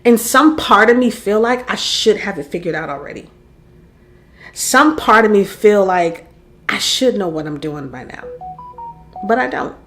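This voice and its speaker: A woman in her late forties speaks straight to her audience in a personal vlog. Her voice sits at an ordinary middle pitch, and she talks in a reflective, wandering way. She is openly vulnerable and thinks aloud as she goes. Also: expressive, a little slow, fairly bright tone, faint music behind. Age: 40s. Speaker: content creator and podcaster. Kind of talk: candid personal vlog monologue.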